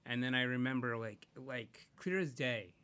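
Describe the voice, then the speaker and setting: A man's voice: medium pitch, moderate pace, a bit bright, clean tone. A man talking casually as a podcast guest, rambling and reflective, with many fillers and restarts. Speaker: podcast guest, comics creator. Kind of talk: casual interview chat.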